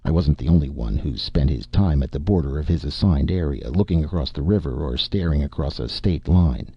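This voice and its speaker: Deep, gravelly male story narrator. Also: no room sound. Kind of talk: first-person story reading. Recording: muffled lo-fi recording.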